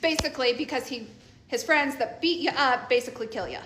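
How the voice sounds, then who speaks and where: A woman's voice: high-pitched, a little fast, a bit bright. A middle-aged woman, a mother, telling a casual storytime about her teenage daughter, blunt and offhand, laughing often.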